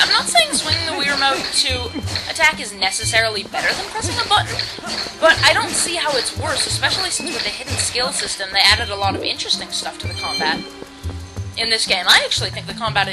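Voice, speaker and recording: Woman, let's play host, rambling commentary, fairly high, game music under the voice. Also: poor audio. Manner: rambling, hesitant, full of restarts and "like". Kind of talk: casual gameplay commentary.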